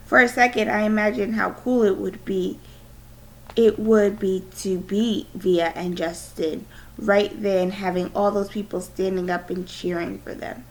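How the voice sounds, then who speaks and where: A woman's voice: medium pitch, fairly even intonation, a little slow, rough recording. A woman teacher with a cold reading a novel aloud to her class, with small stumbles. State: has a cold.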